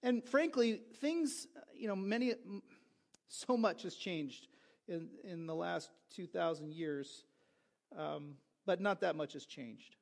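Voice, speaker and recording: High-voiced pastor preaching casually. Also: male voice, takes it slowly, creaky. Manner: conversational, asides and restarts. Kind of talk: sermon.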